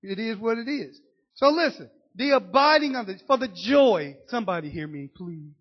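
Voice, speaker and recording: A woman preaching a sermon, impassioned and teasing her congregation, rising to shouts. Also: mid-range voice, lively intonation, normal speed, breathy edge. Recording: dull lo-fi recording.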